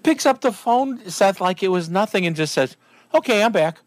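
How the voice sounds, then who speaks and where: A chatty male radio host on an outdoors show who talks with a lively, swinging pitch and laughs easily. He acts out the people in his stories. The sound is dry and close. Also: normal speed, no room sound. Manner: animated storyteller, acts out quotes, laughs often. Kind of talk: casual radio interview.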